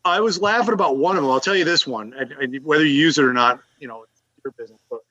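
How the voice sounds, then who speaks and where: A male podcast guest telling stories in casual chat, animated and rambling, laughing as he goes. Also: a little high, fast talker, no echo, highs cut off. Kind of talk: casual storytelling.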